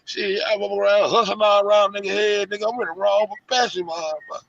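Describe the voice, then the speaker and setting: A man, ranting loud and profane to his online audience in heavy slang. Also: sits high, fairly even intonation, fast talker, gravelly, a little hiss or hum. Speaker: show host. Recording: muffled lo-fi audio.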